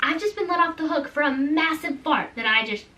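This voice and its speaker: Animated young woman telling stories, slightly distant mic. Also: high-pitched, brisk, a faint crowd. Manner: animated, self-mocking, acts out the voices in her stories. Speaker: storytime vlogger. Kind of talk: casual storytelling.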